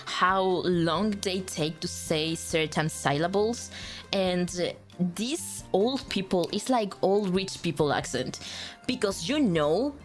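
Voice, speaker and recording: A young woman, a native Spanish speaker with a Latin American Spanish accent, chatting casually on a stream, rambling with lots of fillers and restarts and joking about herself. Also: medium pitch. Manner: rambling, with many fillers and self-corrections; joking and self-deprecating. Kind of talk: casual chat.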